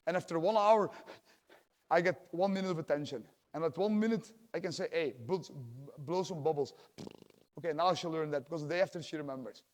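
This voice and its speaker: Man, Dutch native speaker, jiu-jitsu coach, talkative, fairly high voice, long hall reverb. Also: brisk. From Belgium. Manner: talkative, tags lines with "yeah?", acts out quotes. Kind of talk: teaching a class, casual explanation.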